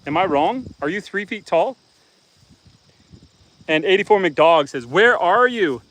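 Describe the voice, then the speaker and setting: A middle-aged man from Canada livestreaming outdoors on his farm, casually chatting, reading viewer comments and gently teasing them. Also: sits high, expressive, a little slow, rough recording. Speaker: homestead livestreamer.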